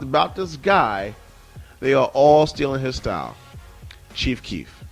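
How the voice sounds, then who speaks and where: A man, co-hosting a casual radio chat and hammering his points home by repeating them. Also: medium pitch. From the Bronx, New York. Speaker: radio show co-host.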